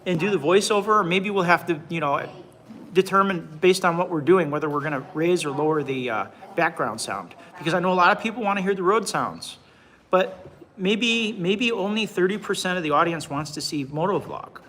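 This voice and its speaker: Reading his viewers' comments out loud, a livestream host in his forties rambles along, restarting often and repeating words. His voice sits high, animated and a bit bright, moving a little fast over poor-quality audio.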